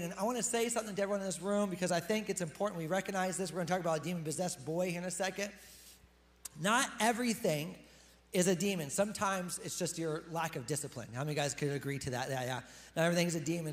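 A male pastor giving a sermon in a chatty, casual way, talking straight to his congregation in a church hall. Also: high-pitched.

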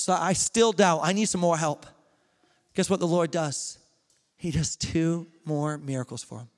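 A young man preaches in a church, and his high voice carries a long hall reverb. He retells the stories loosely and with energy, dropping slang like an old friend. It is a casual, lively sermon from the pastor himself. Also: normal speed. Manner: casual, animated storytelling with slang.

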